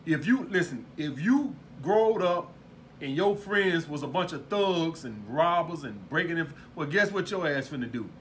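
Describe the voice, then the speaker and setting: A man's voice: on the high side, fairly bright tone, a little hiss or hum. A man coaching viewers in a casual monologue, talking bluntly with plenty of swearing and asking "all right?" again and again. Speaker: dating and lifestyle coach.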